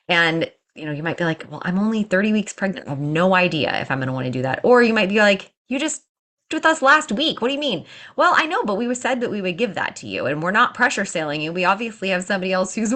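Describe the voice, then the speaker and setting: A woman's voice: fairly low pitch, fairly bright tone. A woman co-hosting a podcast, chatting emphatically and addressing listeners directly. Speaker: podcast co-host, doula company owner. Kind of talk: casual podcast chat.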